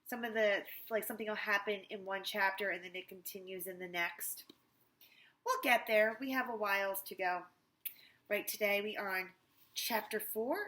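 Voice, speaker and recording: Woman teacher, casual read-aloud, chatty, self-correcting, mid-pitched voice. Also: sharp tone. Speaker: teacher reading to students.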